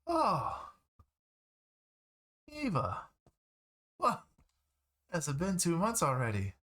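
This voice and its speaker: Picture a flustered neighbor in a tabletop game, voiced by a man who pitches up well above his usual tone. The voice climbs and dips with every hedge. It is full of ums and trailing half-sentences as he dodges the question. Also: huge pitch swings, slow, a bit bright, heavily acted. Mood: welcoming. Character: flustered friendly neighbor, stammering and hedging.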